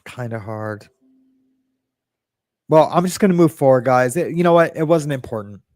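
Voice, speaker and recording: A man hosting a loose, rambling livestream, talking straight to his viewers and stumbling back over his own sentences. His voice sits at an ordinary middle pitch. The sound is dry and close, with hardly any room around it. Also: expressive, moderate pace, a little mellow, no echo. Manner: rambling, self-interrupting, swears casually. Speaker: livestream host. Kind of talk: casual livestream chat.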